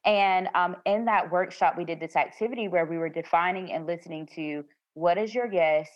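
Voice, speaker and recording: A woman's voice: fairly low pitch, moderate pace, no room sound. A woman guest telling about an experience in an earnest, affirming way. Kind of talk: conversational storytelling. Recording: dry, slightly dull sound.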